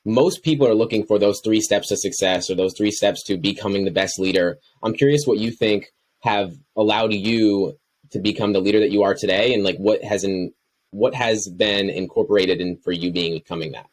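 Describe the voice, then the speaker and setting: A man with a fairly low voice hosts a podcast interview. He asks long, searching questions and often restarts his sentences as he works out what to ask. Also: moderate pace, low-quality recording. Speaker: podcast host.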